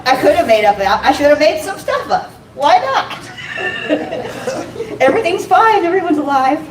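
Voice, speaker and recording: Her high, sing-song voice comes a little slowly as she does stand-up on a comedy club stage, poking fun at herself, swearing, and giggling at her own gags. A crowd sits in the background of the echoey, distant, noisy recording.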